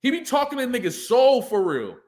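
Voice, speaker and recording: Man, battle rapper, casual reaction commentary, high lively voice. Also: a little fast. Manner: excitable, hypes up lines, breaks into shouts and laughs. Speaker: battle rapper breaking down diss tracks.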